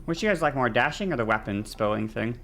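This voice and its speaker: A woman's voice: rumbling low, lively intonation, quick pace, faint music behind. Woman streamer, casual gaming chat, swears constantly, rants and restarts her sentences. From not American. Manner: ranting, heavy swearing, frequent restarts.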